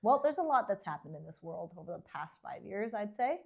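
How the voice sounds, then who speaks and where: A woman's voice: mid-range voice, sing-song, a little fast, vocal fry, a little mellow, husky. A middle-aged woman from Canada co-hosts a podcast in easy, casual chat. She answers with dry, teasing remarks and laughs readily. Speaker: podcast co-host, dentist.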